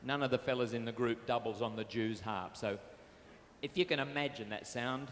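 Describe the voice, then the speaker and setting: A cheeky Australian entertainer, his voice mid-range, steady and fairly bright, jokes with a live audience at a normal pace. He uses a corded stage microphone at a fair venue. There's slight background noise amid the echoey room and band music.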